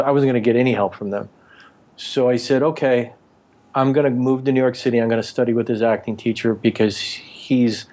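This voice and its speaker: A man in his forties tells long, rambling stories from his early acting days in a casual interview. He slips into the voices of the people he quotes. His voice sits at an everyday middle pitch. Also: darkish tone. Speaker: actor and author, interview guest.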